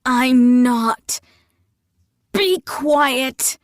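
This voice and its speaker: A woman's voice: medium pitch, expressive, takes it slowly, darkish tone, dry recording, studio quality. A woman reading a storybook and voicing a young female healer who sounds nervous and impatient. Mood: tense. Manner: tense, raised voice.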